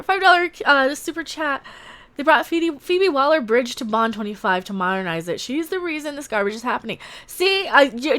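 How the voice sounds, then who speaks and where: Casting note: woman streamer, high voice, sarcastic and rambling, casual desk-mic livestream. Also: fairly bright tone. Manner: sarcastic, rambling with many restarts. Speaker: livestream host reading chat.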